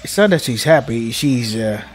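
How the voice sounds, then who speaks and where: A man's voice: mid-range voice, expressive, normal speed. A young man playing a game, reading its text aloud with loose, joking commentary and frequent laughs. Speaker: let's play host.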